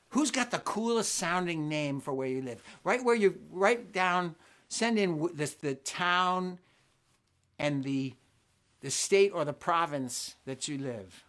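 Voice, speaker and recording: A man's voice: sits high, a bit bright. Friendly older male family singer. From New Jersey, USA. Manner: friendly, rambling, thinking aloud. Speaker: children's singer and concert host. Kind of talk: live family concert chat between songs.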